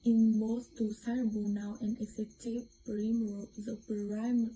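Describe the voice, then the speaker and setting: A young woman with a Vietnamese accent presents a lesson as a student, reading slowly and carefully, now and then stumbling and starting over. Her voice is dark and mellow and sits a little high, with a flat, even melody. A faint hiss of background noise runs under the recording. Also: low-quality recording. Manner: careful, halting reading with restarts.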